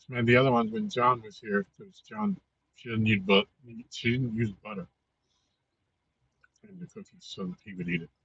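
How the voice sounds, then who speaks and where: A man chatting casually on a fishing live stream, laid-back with short answers and quiet asides. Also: mid-range voice, big pitch swings, moderate pace, gravelly, husky. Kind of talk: casual chat. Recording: dull lo-fi sound.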